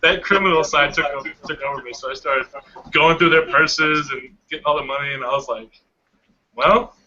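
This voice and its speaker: A young man chats casually with a very bright, slightly raised voice, telling a story with animated energy. The audio is dull and lo-fi, as on an online call. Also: fairly high pitch, normal speed. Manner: animated storytelling, laughs often. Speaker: hangout participant. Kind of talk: casual chat.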